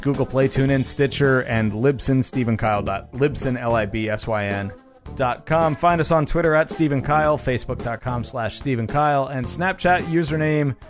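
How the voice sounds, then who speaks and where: A young man co-hosting a podcast in casual, joking banter, reading off show plugs briskly. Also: medium pitch. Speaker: podcast co-host.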